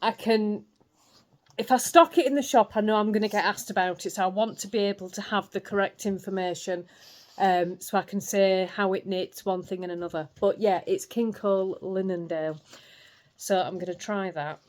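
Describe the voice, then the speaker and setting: A woman's voice: mid-range voice, fairly even intonation, moderate pace, a little mellow. A woman with a Yorkshire accent, chatting casually to camera in a home vlog and laughing often. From England. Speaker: vlogger. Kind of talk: casual chat.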